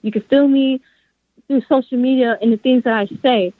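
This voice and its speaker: Heard over a dry, echo-free phone line, this interviewed author has a high, steady voice and a moderate pace. She speaks with passion and firm conviction, emphatically and out of faith.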